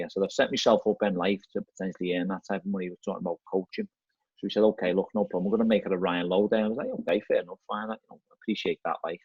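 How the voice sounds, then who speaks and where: Here the same kind of guest, a middle-aged football manager with a Liverpool accent, chats easily and spins stories, doubling up words and saying "mate" and "you know what I mean" a lot. He sounds low, faintly mellow and a touch rough, with no room sound on the slightly dull, dry lo-fi audio.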